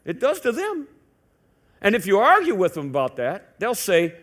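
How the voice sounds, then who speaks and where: High, animated preaching man. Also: moderate pace. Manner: conversational preaching with rhetorical questions and joking asides. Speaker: pastor. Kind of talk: sermon. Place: church sanctuary.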